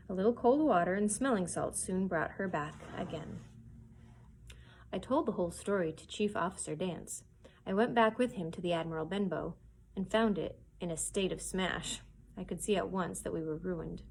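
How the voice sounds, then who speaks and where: Expressive woman reading a children's story. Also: mid-range voice, rough recording. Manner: expressive storytelling, pauses to show pictures. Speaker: children's librarian. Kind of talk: read-aloud children's story time. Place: public library.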